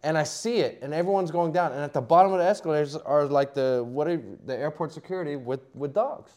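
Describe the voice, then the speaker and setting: A man's voice: on the high side, quick pace, a little mellow. A middle-aged man, a poker player guest, telling a story casually with lots of fillers, restarts and laughter.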